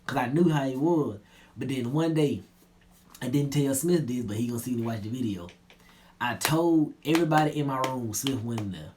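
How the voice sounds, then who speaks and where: A young man telling a personal story in a relaxed, slangy way, often trailing off low and quiet. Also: moderate pace, a little hiss or hum. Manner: laid-back slangy retelling, drops low and quiet at line ends. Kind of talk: casual storytelling.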